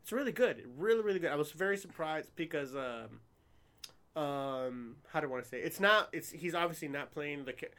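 Fast-talking enthusiastic man in casual chat. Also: a little high, animated, fairly bright tone. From New Jersey. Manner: fast, enthusiastic, swears freely.

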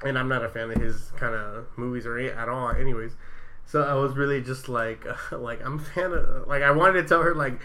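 Bright-voiced man telling stories. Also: medium pitch, fairly even intonation, brisk. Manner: laughing storyteller, acts out quotes with swearing. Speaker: event security worker. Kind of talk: casual chat.

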